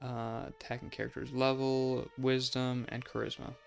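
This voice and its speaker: A man's voice: mid-range voice, level tone, normal speed, gravelly, faint music behind. A man hosting a let's play, giving casual gameplay commentary in a chatty, musing way, often saying "like" and laughing.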